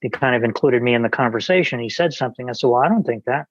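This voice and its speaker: A man's voice: medium pitch, rapid-fire, dry recording, muffled recording. A man, a podcast guest, telling an anecdote in casual conversation, with many restarts and quoted dialogue.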